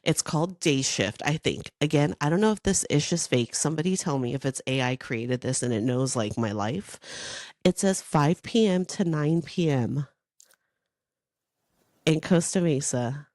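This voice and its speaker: A woman in her thirties, hoarse and raspy from coughing, co-hosting a casual podcast chat in an animated way. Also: low-pitched, no echo, studio quality. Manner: animated, chatty, quick to laugh. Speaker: podcast co-host.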